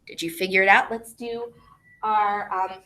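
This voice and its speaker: A woman teaching a music lesson to young children online. She speaks expressively and clearly, asking questions and then answering them herself. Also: mid-range voice, steady tone, unhurried, bright, forceful tone.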